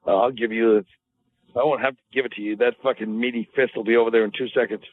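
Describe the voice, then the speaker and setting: A man's voice: mid-range voice, fairly even intonation, fast. A man co-hosting a podcast, needling his partner in casual, profane banter with a sarcastic edge. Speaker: podcast co-host. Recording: phone-like lo-fi audio.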